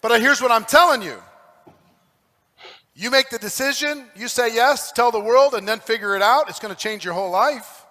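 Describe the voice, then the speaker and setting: High, bright-voiced man preaching emphatically. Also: normal speed. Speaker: motivational speaker. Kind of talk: stage talk to a live audience. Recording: echoey hall recording.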